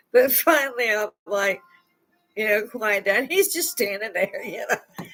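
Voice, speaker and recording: A woman's voice: medium pitch, lively intonation, slow pace, a bit bright. An older woman from Chicago hosting a live stream, telling rambling stories into a lapel mic and often laughing mid-sentence. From Chicago, USA. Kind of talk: casual storytelling chat.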